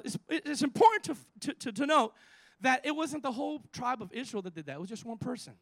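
High-voiced animated preacher man. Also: brisk, no echo. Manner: animated, stumbling restarts, exhorting the congregation. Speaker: pastor. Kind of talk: sermon.

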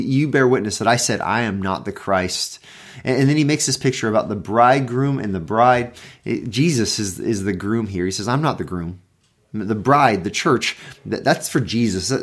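A pastor gives a relaxed devotional talk, his mid-range voice rising and falling with lively emphasis. He restarts often and rephrases for effect, moving between quick asides and slow, weighty readings. The delivery is conversational rather than preachy. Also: medium pitch, slightly rough. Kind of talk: devotional Bible teaching.

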